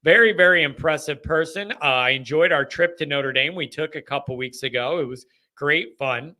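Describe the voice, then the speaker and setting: A young man hosting a live call-in fan show, ranting and joking in an animated way. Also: a little high, moderate pace.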